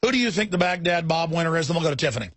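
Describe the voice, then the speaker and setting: A man hosting a radio talk show, ranting in a fiery, mocking way with quick tangents. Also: a little high, expressive, a bit bright, husky, no echo.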